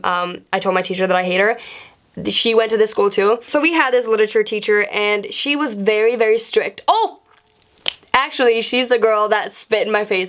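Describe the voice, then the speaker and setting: A young woman vlogger telling a casual, profane story from school in a chatty, animated way. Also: medium pitch.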